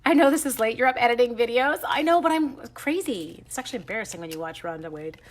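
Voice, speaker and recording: A woman's voice: on the high side, expressive, quick pace. A Canadian woman hosting a live craft stream from home, chatting and giggling at herself as she stamps and colors and greets viewers by name.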